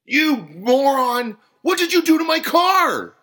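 A man voicing an angry, hotheaded male car owner who shouts high and slow. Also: big pitch swings, full character voice. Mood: furious.

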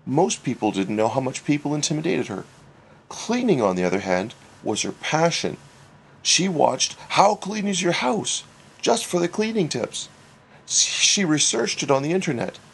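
A man reading a humorous story aloud, wry and expressive. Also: a little high, moderate pace, creaky, slight background noise. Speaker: narrator. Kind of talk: storybook narration.

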